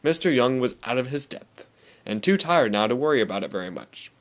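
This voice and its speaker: Young guy reading a book out loud, really lively up-and-down voice. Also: mid-range voice, a little fast. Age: young adult. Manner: expressive, animated storytelling. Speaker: audiobook reader. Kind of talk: reading a novel aloud.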